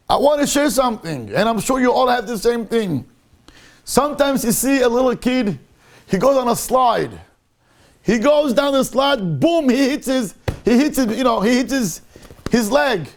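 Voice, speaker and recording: A rabbi gives a Torah lecture in a voice very high for a man, with a gravelly edge. He speaks emphatically and repetitively, circling back to hammer each point home, and mixes Hebrew into his English.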